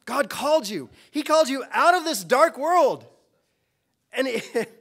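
Impassioned high-voiced male preacher. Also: lively intonation, a little slow, fairly bright tone. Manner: impassioned, rising and falling, rhetorical questions. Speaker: pastor. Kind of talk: sermon.

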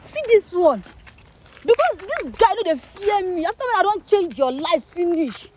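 Woman acting Nigerian sugar mummy, domineering, scolding, very high voice, swooping pitch. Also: sing-song, moderate pace, slight background noise. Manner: angry, scolding in Pidgin, shouting. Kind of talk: improvised skit acting.

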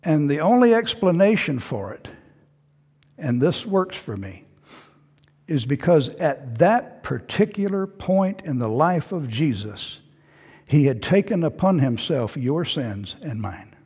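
Husky-voiced preacher with big dramatic swings. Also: male voice, fairly high pitch, sing-song, unhurried. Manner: dramatic swings from hushed to loud. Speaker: pastor. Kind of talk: sermon. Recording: hall reverb.

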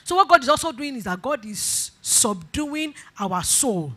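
A woman's voice: high-pitched, very animated, measured pace, sharp tone. A woman pastor preaching a sermon, leading call-and-response, repeating phrases and breaking into emphatic bursts. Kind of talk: sermon exhortation.

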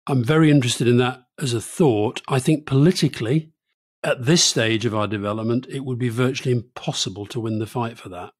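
Male podcast co-host from Scotland, mid-pitched, brisk chat, dry studio sound. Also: breathy edge, no echo. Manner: brisk, conversational, reads listener questions. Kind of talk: casual political chat.

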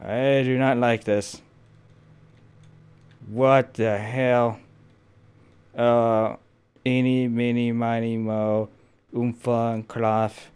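A man's voice: mid-range voice, level tone, extremely slow, pauses often, darkish tone, clear, resonant tone. A man hosting a casual gameplay video, joking, swearing and talking to himself as he plays. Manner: jokey, swears a lot, talks to himself. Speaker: gameplay host.

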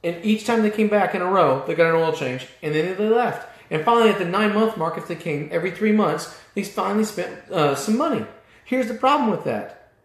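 A man's voice: sits high, expressive, fairly quick, echoey room. A man coaching auto repair shop owners in a fired-up, blunt, mildly profane motivational talk.

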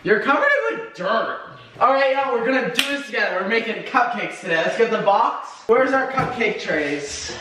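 A young man running a chaotic baking challenge, bossy and loud, swearing and laughing as he calls out instructions in a home kitchen. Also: high voice, expressive, moderate pace. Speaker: vlogger directing a baking challenge. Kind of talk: rowdy casual chat. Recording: echoey room, mic far off, noisy.

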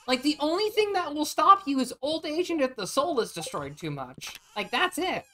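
Woman vtuber streaming a game, lively and crude, swearing freely, higher voice with big pitch swings. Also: moderate pace, a little hiss or hum. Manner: animated, crude and joking, often swearing. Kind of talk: casual gaming stream chat.

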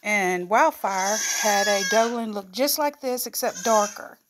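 A woman's voice: medium pitch, a little slow, very noisy. A woman who breeds goats, chatting casually and cooing affectionately to her animals. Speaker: goat breeder and vlogger.

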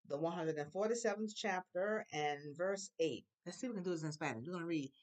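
Teacher, female, lower voice, very animated delivery, drills words for kids to repeat. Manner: lively, drawn-out repetition of words for pupils to copy. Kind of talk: classroom language lesson. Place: school classroom.

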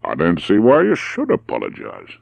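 A man's voice: deep voice, wildly swooping pitch, normal speed, gravelly, a little mellow, no echo, exaggerated voice. A man reading the lines of a friendly, teasing outback man. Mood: firm.

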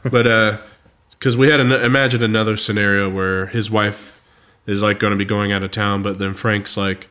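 Halting, filler-heavy man chatting casually. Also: fairly low pitch, fairly even intonation, sharp tone. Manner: halting, many fillers and restarts. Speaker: co-creator describing a character. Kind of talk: casual chat.

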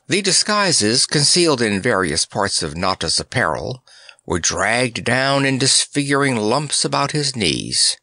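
A man narrating a children's audiobook in a measured, expressive way. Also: medium pitch, no room sound, clean studio sound.

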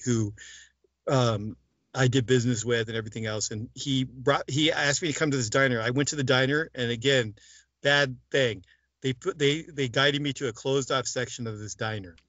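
A man with a medium-pitched, fairly bright voice is being interviewed, animatedly telling stories as a guest. He acts out scenes with quoted dialogue, leaning heavily on "like" and "I go." The recording is dry, dull, and lo-fi.

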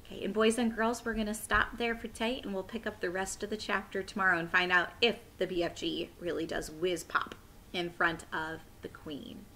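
Bright-voiced teacher reading aloud. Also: female voice, medium pitch, moderate pace, slight background noise, low-quality recording. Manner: friendly and expressive. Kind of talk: reading a story aloud to children.

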